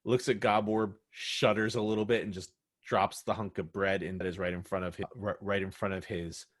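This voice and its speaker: A man's voice: fairly low pitch, little pitch movement, fairly quick. A man acting as game master, narrating a tabletop game in a loose, rambling way with many fillers.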